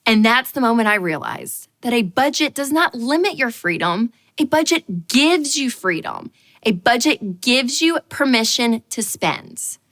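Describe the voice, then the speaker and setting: A woman hosting a show, telling a personal story in a lively, self-mocking way with lots of fillers. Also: on the high side, unhurried. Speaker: host.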